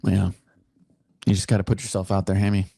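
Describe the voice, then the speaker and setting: A man's voice: deep voice, level tone, creaky, mellow, no echo. A man talking as a podcast guest in a jokey, playful, casual chat over a video call. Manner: jokey, playful, quick to laugh. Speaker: podcast guest, soldier and content creator.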